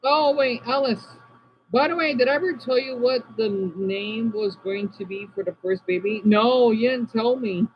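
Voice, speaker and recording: High-voiced American man chatting with viewers. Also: normal speed, highs cut off, a little hiss or hum. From United States. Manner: chatty, responds to viewers by name, apologetic asides. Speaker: livestream host reading chat. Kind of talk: casual livestream chat.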